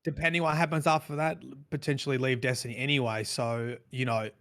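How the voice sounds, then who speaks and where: A man's voice: mid-range voice, little pitch movement, fast talker, fairly bright tone. A man co-hosting a gaming podcast, talking in a reflective, rambling way with frequent restarts. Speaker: podcast co-host. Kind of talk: casual podcast chat.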